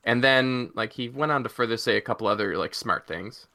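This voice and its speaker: A man's voice: mid-range voice, brisk, bright, forceful tone. A man from Canada co-hosting a casual livestream chat, telling joking stories. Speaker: co-host.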